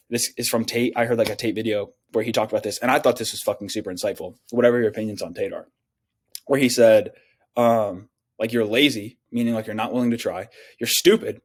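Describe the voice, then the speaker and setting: A young man rattles off blunt, profane business advice at a rapid clip. He leans on slang and fillers and keeps dropping into quick mock voices of the people he describes. His voice sits at an ordinary middle pitch. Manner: acts out other people's lines in quick quoted voices. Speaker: online business coach. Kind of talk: casual advice monologue.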